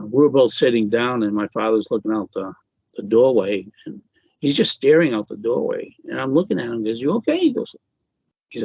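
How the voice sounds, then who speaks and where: Gravelly-voiced man with halting speech. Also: fairly low pitch, no echo, dull audio. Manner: halting, many fillers and restarts. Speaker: author guest. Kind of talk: casual interview.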